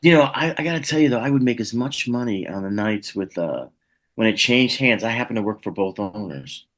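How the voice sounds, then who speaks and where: A middle-aged man tells stories as an interview guest, lively and animated, slipping into other people's voices as he goes. His voice sits at a middle pitch. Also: a little fast. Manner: animated anecdotes, acts out voices. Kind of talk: casual interview storytelling.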